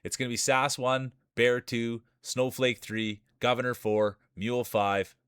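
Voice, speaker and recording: A man's voice: mid-range voice, level tone, measured pace, a bit bright, smooth, dry recording, studio quality. A man in his forties with a small-town Saskatchewan Canadian accent, hosting live marble races with rambling, hyped sports-announcer patter. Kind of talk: live stream commentary and chat.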